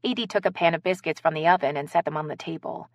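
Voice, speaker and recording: A woman narrates a sweet romance audiobook in a lower register. Her delivery is close and dry, with no room sound. She moves between narration and the characters' dialogue, changing pitch and pace for each speaker. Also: fast talker, no room sound, lo-fi sound.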